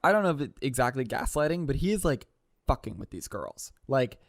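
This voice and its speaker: A man co-hosting a podcast in casual chat, animatedly retelling scenes with quick interjections. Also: mid-range voice, sing-song, dry recording, studio quality.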